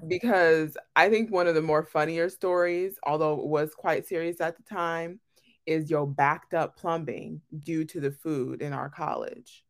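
A young woman chatting casually with her best friend, teasing and blunt, with loud animated bursts. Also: low-pitched, measured pace. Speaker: podcast guest, best friend. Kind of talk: casual chat.

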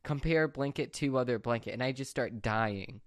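A man's voice: mid-range voice, normal speed, dry recording, studio quality. A young man vlogging, telling a rambling story in casual chat and often correcting himself. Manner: rambling, excitable, self-correcting.

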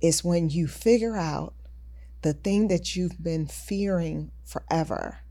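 A woman co-hosting a podcast, chatting in a playful, expressive way. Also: lowish voice. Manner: playful, expressive, drawn-out delivery. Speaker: podcast co-host. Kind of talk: casual chat.

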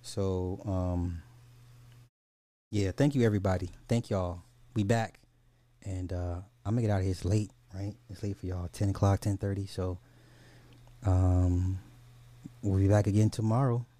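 A man's voice: sits low, steady tone, measured pace, pauses often, warm tone, no echo. A man hosting a podcast, ranting in casual talk, swearing freely and repeating himself when worked up. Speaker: podcast host.

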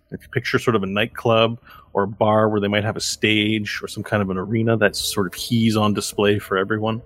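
A man narrating a tabletop game as game master, describing scenes loosely, with casual asides. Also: on the low side.

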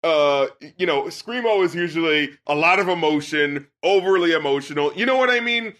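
High, bright-voiced man, animated chat. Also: moderate pace. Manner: animated, laughs often, swears freely. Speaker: podcast host, music critic. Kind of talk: casual review chat.

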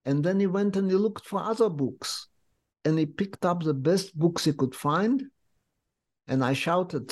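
An older man from Lithuania, recounting his memories in an interview as a vivid, unhurried storyteller. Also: sits high. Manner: vivid, unhurried storyteller with slightly non-native English phrasing. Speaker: interviewee, memoir author.

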